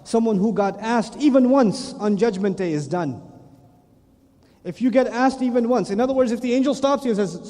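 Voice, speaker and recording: A man's voice: extremely high pitch, moderate pace. A man giving a humorous religious lecture, telling stories animatedly and acting out voices. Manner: animated storytelling, acts out voices. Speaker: Islamic lecturer. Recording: echoey lecture hall.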